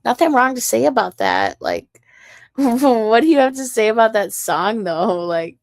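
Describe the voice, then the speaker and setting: A woman's voice: a little high, big pitch swings, measured pace, no room sound, studio quality. A young woman from the Midwest ranting on a livestream, taunting and mocking with profanity and laughs, while getting sick and coughing. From American Midwest.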